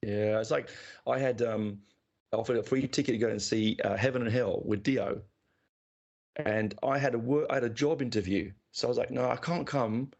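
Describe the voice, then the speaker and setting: A man's voice: mid-range voice, normal speed, a little mellow. A man hosting a podcast in a chatty, casual way, chiming in with short reactions. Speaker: podcast host. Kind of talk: casual chat. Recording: dull lo-fi podcast audio.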